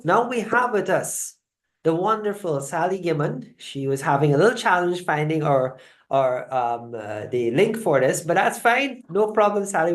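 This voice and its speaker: A host running a live online talk, teaching motivational lessons and telling stories in an animated way. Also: medium pitch. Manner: animated storyteller, shifts loudness often. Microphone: video call. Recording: roomy echoing sound.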